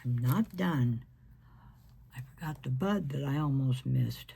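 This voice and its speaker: A woman hosting a painting tutorial who is losing her voice, chatting to viewers in a hoarse, half-whispered way as she works. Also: very deep voice, unhurried, dark tone. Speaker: craft video host.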